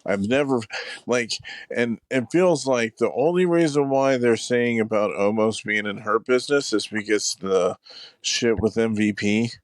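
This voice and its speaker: A man's voice: mid-range voice, measured pace, no room sound. A man co-hosting a podcast in casual chat, rambling with lots of fillers and acted-out asides. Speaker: podcast co-host.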